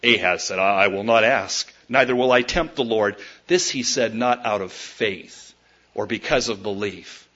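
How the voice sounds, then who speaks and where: Preacher guy giving a sermon, bright forceful voice, goes big then drops real quiet, kinda muffled lo-fi audio. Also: lowish voice, a little slow. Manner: emphatic, swinging between loud declarations and quiet asides; addresses the listeners directly as folks. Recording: dull lo-fi recording.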